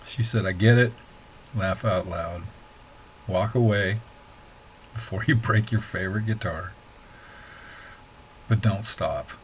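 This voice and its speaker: Middle-aged male hobby musician, casual vlog talk, low-ish pitch, frank and profane, restarts a lot. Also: slow pace, long pauses, a little hiss or hum, rough recording. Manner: candid, swearing, rambling with restarts. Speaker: amateur musician.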